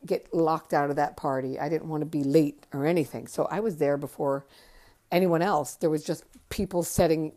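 A woman in her fifties, a podcast host telling her memories in a chatty, conversational way that drifts softer at times. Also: low-pitched. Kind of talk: casual memoir storytelling.

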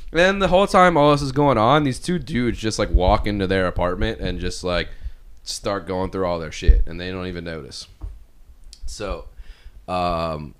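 A man's voice: sits low, moderate pace, clear, resonant tone. A man hosting a podcast, casually retelling a movie plot with lots of swearing and laughter. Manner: rambling, swears freely, laughs at his own retelling. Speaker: podcast host.

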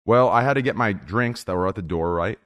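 A man's voice: lowish voice, fairly quick, fairly bright tone, dry recording. A man hosting a casual group podcast over a wireless headset, brash and swearing, often repeating himself.

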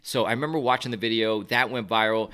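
A man telling a long story in a casual interview, animated and acting out what others said. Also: lowish voice, fast talker, clean tone. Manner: animated storyteller, acts out quoted voices. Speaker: guest, video creator.

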